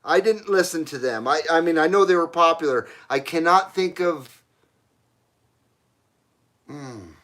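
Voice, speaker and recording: A man's voice: on the high side, expressive, measured pace, long pauses, a bit bright. A middle-aged man hosting a casual live stream, reading viewers' messages aloud and answering bluntly, with frequent swearing and laughter. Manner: blunt, profane, laughs often.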